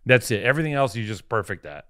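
Fast, lively, profane man ranting. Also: fairly low pitch. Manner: heated, profane ranting, mock-furious. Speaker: podcast co-host. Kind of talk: casual podcast banter.

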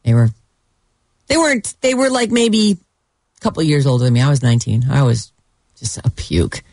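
A woman co-hosting a radio show, telling stories in animated casual banter with frequent laughs. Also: extremely low pitch, fairly quick, no echo, studio quality. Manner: animated storyteller, laughs often.

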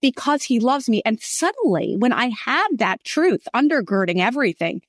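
A woman's voice: fairly high pitch, big pitch swings, moderate pace, no room sound, clean studio sound. A woman author as a guest in a faith interview, telling personal stories in an earnest, heartfelt way.

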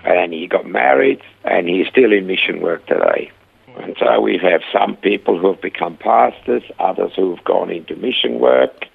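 A gravelly, husky man telling stories in a lively way in an interview, often acting out the voices of the people he quotes. His voice sits fairly low. It comes through narrow, phone-like radio audio. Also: normal speed. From Australia. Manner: animated storyteller, acting out quoted dialogue. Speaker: Christian rehab founder, interview guest. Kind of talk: storytelling interview.

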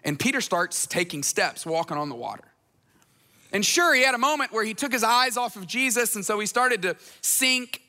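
Male pastor, conversational sermon delivery, high and bright, reverberant large hall. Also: expressive, normal speed. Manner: conversational, acts out voices in retellings.

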